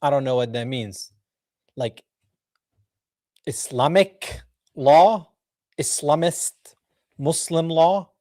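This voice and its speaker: A man's voice: mid-range voice, a little mellow, no echo, clean studio sound. A man hosting a live podcast, reacting to clips with mocking, sarcastic commentary and laughter. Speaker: podcast host.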